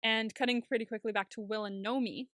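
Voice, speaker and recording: A woman co-hosting a podcast, casually recapping a TV episode in an animated way and laughing often. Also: fairly high pitch, a little fast, no echo, studio quality. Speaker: podcast co-host.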